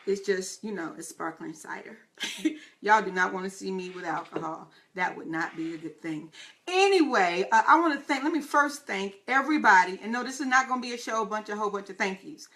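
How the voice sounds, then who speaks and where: A woman hosting her own live talk show, chatting excitedly with her listeners and calling them y'all. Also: medium pitch.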